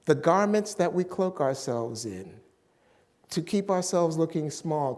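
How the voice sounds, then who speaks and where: A man preaching a sermon as pastor, slowly and emphatically, stretching out key words. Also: high-pitched, darkish tone, in a large hall.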